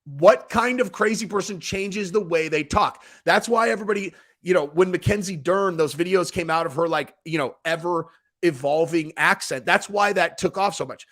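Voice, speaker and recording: A man hosting a casual reaction show, talking in a rambling, animated way and saying "dude" often. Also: sits high, normal speed. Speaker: host reacting to a video.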